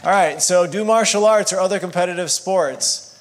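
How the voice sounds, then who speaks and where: A man with a slightly high voice co-teaches a church marriage class. He talks casually, joking and teasing his listeners as he goes. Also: normal speed. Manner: jokey, casual, self-deprecating. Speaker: marriage counselor.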